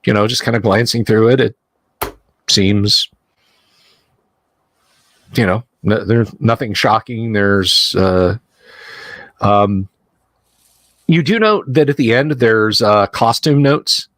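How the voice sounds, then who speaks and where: Man, game master, tabletop horror narration, halting delivery, dry close sound. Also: lowish voice, a bit bright, no room sound. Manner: halting, full of restarts and fillers.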